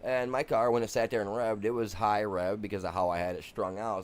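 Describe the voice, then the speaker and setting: A middle-aged man from Michigan, live-streaming a farming game and telling a long, animated story in casual, slangy chat. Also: on the low side, brisk, few pauses.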